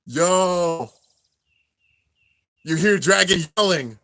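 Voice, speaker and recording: A young man narrating an anime finale as he watches it live, excited and emotional. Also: high voice, very slow, no room sound. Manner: excited, narrating on-screen action, drops to near-tears murmurs. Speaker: anime reaction host. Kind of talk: live reaction commentary.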